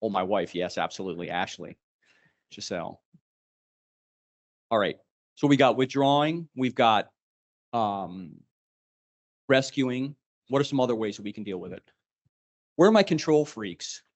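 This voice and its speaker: Man, leadership trainer, live workshop, lively swooping pitch, quizzing the room. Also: measured pace, pauses often. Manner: animated, quizzing the group.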